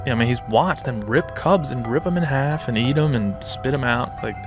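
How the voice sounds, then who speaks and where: A man's voice: medium pitch, normal speed, music in the background. A man talking as a guest in a casual podcast chat, rambling agreeably with fillers.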